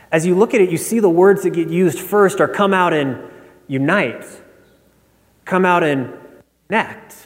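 A man preaching a sermon as pastor, telling stories in an engaged, conversational way. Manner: storytelling, acts out a joke with rising pitch. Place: church sanctuary. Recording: long hall reverb.

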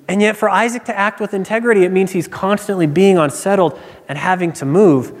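A man's voice: high voice, moderate pace. A male pastor giving a conversational sermon, telling personal stories and explaining scripture. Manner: conversational preaching with personal anecdotes. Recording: long reverb of a large hall.

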